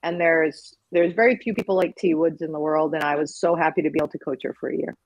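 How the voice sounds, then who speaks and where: A woman hockey coach speaking as a guest, outspoken and energetic. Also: sits low, quick pace, dry recording. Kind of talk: casual interview talk.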